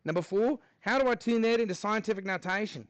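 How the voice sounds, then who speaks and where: A man teaching a math class, upbeat, counting steps aloud and thinking out loud as he works problems with students. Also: sits high, quick pace, no echo, lo-fi sound. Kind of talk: live class review lesson.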